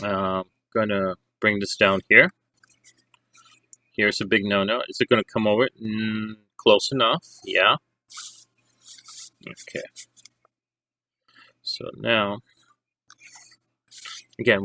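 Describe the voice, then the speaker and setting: A man's voice: on the low side, steady tone, slow pace, pauses often, bright, forceful tone, no echo, rough recording. A man teaching a drawing lesson, walking students through each step in a chatty way. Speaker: art teacher.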